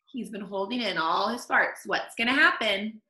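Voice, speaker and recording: A woman reading a picture book aloud to children, expressive, stopping to comment on the story. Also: medium pitch, moderate pace. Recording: echoey room.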